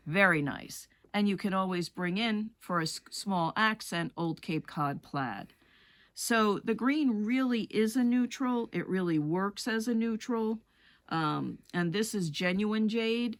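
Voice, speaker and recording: A woman with a slightly low voice leads a rug hooking lesson. She talks in a relaxed, chatty way, explaining each wool color as she lays it out.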